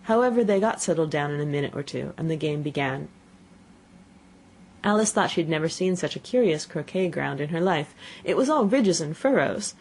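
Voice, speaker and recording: A woman reading a classic children's story aloud as an audiobook narrator, with expressive storytelling. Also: deep voice, moderate pace, husky. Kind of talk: scripted narration.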